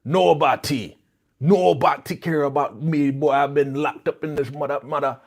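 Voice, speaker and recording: A man doing a comic impression of a defiant, jailed male uncle with a put-on Jamaican accent, low and growling. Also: moderate pace, gravelly. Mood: bitter. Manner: growling, threatening, mocking impression. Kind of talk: comic impression in a reaction stream.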